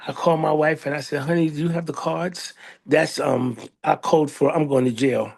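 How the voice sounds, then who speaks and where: Animated male storyteller, voice a bit high. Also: moderate pace, gravelly. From United States. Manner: animated storyteller, voicing others in a raised pitch. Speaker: librarian, interview guest. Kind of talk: storytelling in a casual interview.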